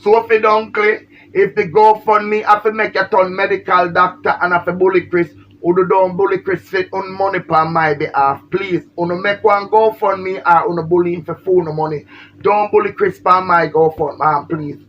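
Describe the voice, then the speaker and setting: A woman's voice: fairly low pitch, fairly even intonation, moderate pace, lo-fi sound, slight background noise. A woman with a Jamaican accent, feeling unwell, ranting and pleading on a livestream. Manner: emphatic, pleading, repetitive. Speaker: social media personality.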